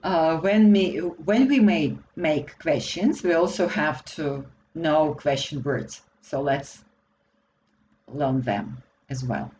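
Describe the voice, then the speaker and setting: A teacher speaking English, taking each point slowly and patiently, pausing on hesitations and correcting themselves mid-sentence. The voice sits at a middle pitch, with a faint hum of room ambience underneath. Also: a little mellow, lo-fi sound. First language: Slovak. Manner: patient, explanatory, frequent hesitations and self-corrections. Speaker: language teacher. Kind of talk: recorded language lesson.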